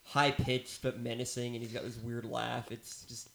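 Mid-pitched man making dry jokes. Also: flat delivery, moderate pace, gravelly, fairly bright tone. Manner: dry, joking asides with many fillers. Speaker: movie review co-host. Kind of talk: casual chat.

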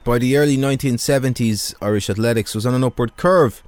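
A man presenting a radio documentary, narrating from a script in a steady, measured way. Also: medium pitch, dry recording. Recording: dry studio voice over faint music.

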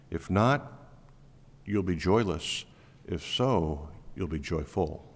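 A man preaches in a church sanctuary in a deliberate, unhurried sermon style. His voice sits low, and it climbs to emphatic high appeals before dropping to near-murmured asides. A long hall reverb trails every phrase. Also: lively intonation, gravelly. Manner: emphatic preaching, swinging between loud rising appeals and quiet low asides. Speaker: pastor.

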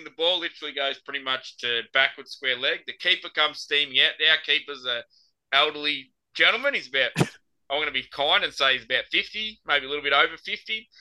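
A man's voice: on the high side, bright, forceful tone, rough recording. A young Australian man on a podcast, telling a rambling story full of swearing. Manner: swears freely, rambling anecdotal delivery. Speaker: podcast host. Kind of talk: casual storytelling chat.

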